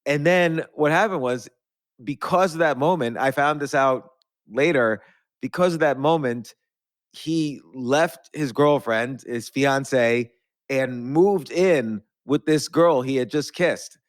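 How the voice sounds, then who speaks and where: A man's voice: mid-range voice, takes it slowly, no echo, clean studio sound. A middle-aged man hosting a podcast, telling long rambling anecdotes with restarts and laughs. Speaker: podcast host. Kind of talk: storytelling in conversation.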